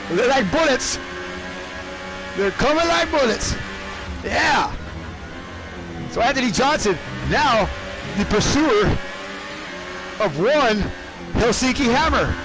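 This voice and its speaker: A man commentating a sim race live, animated and shouting in bursts, often repeating words quickly. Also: very high voice, over music. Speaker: race commentator and league team owner.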